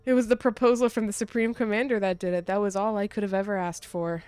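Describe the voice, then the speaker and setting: A woman reading aloud the lines of a scheming young male villain from a game, in a calm, matter-of-fact way, close to her own voice. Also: medium pitch, fast talker, smooth, no echo, faint music behind, close to an everyday voice. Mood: smug.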